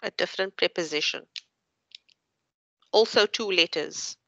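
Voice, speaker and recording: A woman's voice: fairly low pitch, bright, forceful tone, no room sound, lo-fi sound. A woman tutor giving patient, encouraging feedback to students in an online class. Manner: encouraging, patient, explains slowly. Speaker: university tutor.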